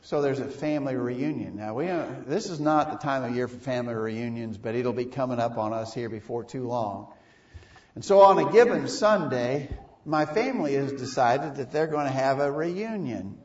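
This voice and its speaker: A man's voice: medium pitch, moderate pace, darkish tone. A man preaching a sermon in a church, emphatic and posing rhetorical questions to his congregation. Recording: echoey, distant, dull.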